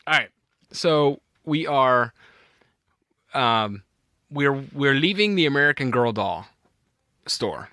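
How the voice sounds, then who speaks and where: A man's voice: medium pitch, animated, slow, long pauses, bright, forceful tone, no echo, clean studio sound. A middle-aged man co-hosting a podcast, telling a rambling story in casual chat and laughing at his own anecdote. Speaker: podcast co-host.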